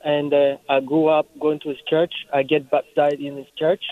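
A man from Congo with a French accent, calling in earnestly and haltingly with a question. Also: fairly high pitch, level tone, no echo. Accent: French-speaking Congolese. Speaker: caller. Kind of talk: call-in question. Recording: tinny phone line.

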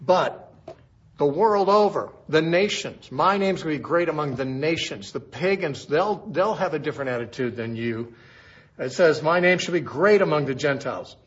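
Guy doing a bible teaching, kinda husky voice, slightly high, dull lo-fi recording. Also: expressive, normal speed. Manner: conversational, with rhetorical questions.

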